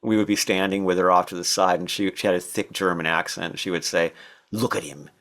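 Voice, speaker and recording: An older man telling stories from his past as a podcast guest, thoughtful and unhurried, with fillers and restarts. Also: sits low, flat delivery, a bit bright. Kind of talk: relaxed storytelling interview.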